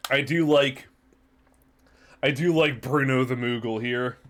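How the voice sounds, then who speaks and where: A man's voice: mid-range voice, measured pace, a little hiss or hum. A man streaming a video game, chatting casually and joking, with a lot of swearing. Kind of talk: casual gameplay commentary. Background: game music.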